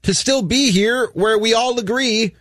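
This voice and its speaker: A man co-hosting a sports talk radio show, bantering in an animated, joking way. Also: very high voice, a little slow, no room sound.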